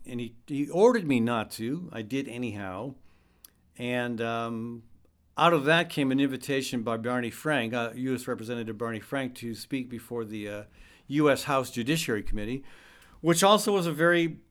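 A man's voice: mid-range voice, fairly bright tone, clear, resonant tone. A middle-aged man hosting a talk radio show, speaking conversationally and reading quotes aloud with wry asides.

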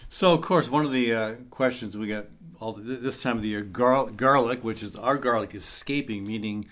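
A man's voice: lowish voice, fairly quick. A man hosts a laid-back gardening radio show. He reads out listener questions and cracks jokes along the way. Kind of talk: casual radio chat on gardening.

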